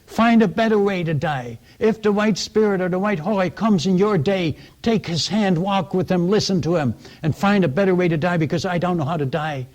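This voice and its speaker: A man's voice: sits high, normal speed, few pauses, a little mellow, lightly acted. A man voicing a blunt, plain-spoken aging male tribal chief in a told story. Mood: earnest.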